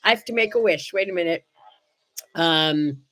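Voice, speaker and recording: A woman in her seventies hosting a casual morning show, animated and bubbly, chatting to her viewers and her toys. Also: fairly low pitch, normal speed, a little hiss or hum. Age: 70s. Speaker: host.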